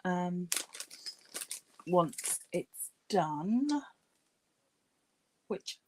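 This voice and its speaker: A woman's voice: fairly low pitch, extremely slow, slight background noise. A woman hosting a crafting livestream, chatting casually with many fillers while she paints and murmurs to herself.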